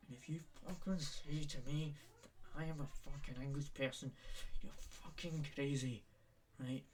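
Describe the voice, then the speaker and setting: A man's voice: a little high, steady tone, moderate pace. A man from Scotland with a Scottish accent, hosting a solo podcast as he rants and swears heavily, tagging lines with "right?". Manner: ranting, heavy swearing, repeats "right?". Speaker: podcast host.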